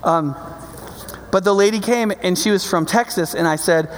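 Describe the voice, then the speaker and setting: A male pastor's sermon echoes with the long reverb of a big hall. Speaking at a normal pace in a voice that sits high, he talks in a conversational way, checks in with the congregation, and rises to loud, passionate peaks.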